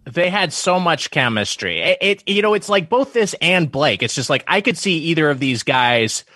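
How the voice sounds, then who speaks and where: A man on a podcast talks in a rambling, hesitant way and often restarts his sentences. His voice is bright and fairly high, and it moves around a lot. It is recorded close and dry. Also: big pitch swings, moderate pace, dry recording. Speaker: podcast guest. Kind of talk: casual chat.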